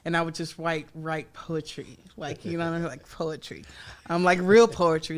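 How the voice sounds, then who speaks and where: A woman's voice: sits low, measured pace. A woman in her forties, a guest artist telling stories in a casual studio podcast interview, chatty and full of fillers. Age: 40s. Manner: chatty, lively storytelling with frequent fillers and laughter.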